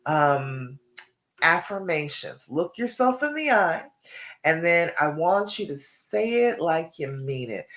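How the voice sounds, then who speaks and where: Encouraging woman coach with a lowish voice. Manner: encouraging, repeats key points with frequent "okay?" check-ins. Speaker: relationship coach. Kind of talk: live-streamed coaching talk.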